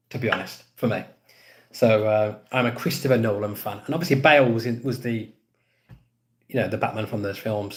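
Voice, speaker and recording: A man in his thirties hosting a laid-back live stream, answering viewer comments as they come in. He rambles and repeats his points as he talks. His voice sits at an ordinary middle pitch. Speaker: podcast host. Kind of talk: casual live-stream chat reading comments.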